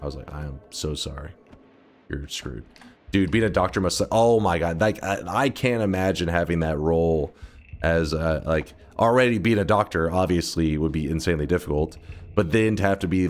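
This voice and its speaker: A man streaming, telling a rambling, profane story in casual chat. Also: rumbling low. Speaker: gaming streamer.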